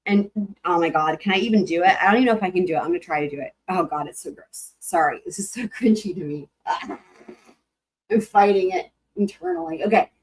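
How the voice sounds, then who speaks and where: A young woman talks off the cuff to a livestream audience, ranging from low mutters to sudden high squeals. She rambles, laughs, and swears without a filter. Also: brisk. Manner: animated, rambling, swears freely, laughs often. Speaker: livestream host. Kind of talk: casual livestream chat with viewers.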